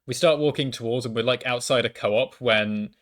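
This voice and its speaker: A man's voice: medium pitch, normal speed, a bit bright. Stammering young man telling a story. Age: young adult. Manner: hesitant, stammering restarts, self-deprecating. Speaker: university student. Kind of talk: casual storytime monologue. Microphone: microphone.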